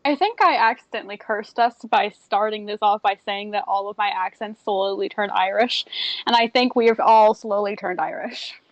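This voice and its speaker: A woman's voice: medium pitch, normal speed, no room sound, dull audio. A young woman playing in a tabletop role-playing game, playful and slangy in casual chat. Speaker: player.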